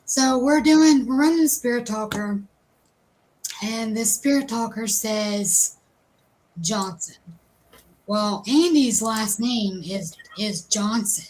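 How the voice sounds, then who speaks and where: A woman co-hosting a live stream, telling a self-mocking story in a casual, animated way. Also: on the high side, slow, a little hiss or hum, low-quality recording. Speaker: co-host.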